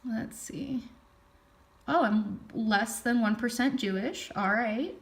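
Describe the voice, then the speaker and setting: A woman's voice: fairly high pitch, slow. A young woman vlogger talking casually at her computer, thinking aloud as she reads through results. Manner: chatty, thinking aloud while reading results. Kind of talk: casual vlog talk.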